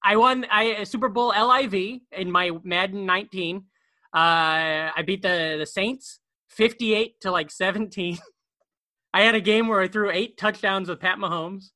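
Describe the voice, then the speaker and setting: A man's voice: high-pitched, bright, forceful tone, no echo. A man co-hosting a podcast from his bedroom, rambling and joking in casual chat, often repeating words. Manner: rambling, jokey, talks fast and repeats words. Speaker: podcast co-host. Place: bedroom at home.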